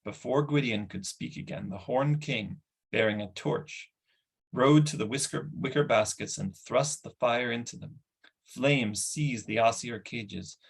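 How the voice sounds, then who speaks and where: A man reading a fantasy novel aloud in an even, steady way. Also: mid-range voice, measured pace, creaky, breathy edge. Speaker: audiobook reader.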